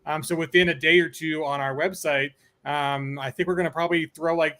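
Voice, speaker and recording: A man's voice: a little high, fairly even intonation, brisk, hardly any pauses, pushed and bright. A man hosting a publisher's launch livestream, talking casually and upbeat with many fillers. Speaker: host of a publisher's launch stream.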